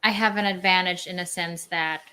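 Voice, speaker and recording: A woman's voice: lowish voice, fairly even intonation, brisk, pushed and bright, clear, resonant tone. A chatty actress with a Filipino accent talks casually as an interview guest. She fills her sentences with "like" and slips into Tagalog words now and then. She sounds like a young adult woman. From Philippines.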